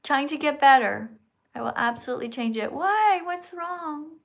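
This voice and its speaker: Woman livestream host, fairly high voice, animated and coaxing, speaks right to her viewers. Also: normal speed, gravelly. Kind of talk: live-stream chat reading donations.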